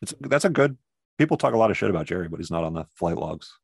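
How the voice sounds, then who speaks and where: A father in casual podcast banter, making wry, deadpan remarks. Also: low voice, fast talker, creaky, slightly rough, dry recording, studio quality. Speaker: father of a young child.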